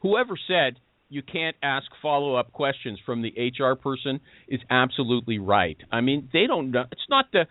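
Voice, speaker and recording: A man's voice: moderate pace, no echo. A man hosting and moderating a panel discussion, prodding guests with questions. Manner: prodding, questioning, lively pitch. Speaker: show host, moderator. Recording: dry, thin phone-like sound.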